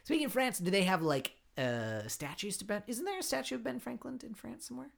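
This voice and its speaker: Playful, lively podcast host. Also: male voice, high-pitched, fairly quick, creaky. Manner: playful, jokey, rambling. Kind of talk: casual comedic interview.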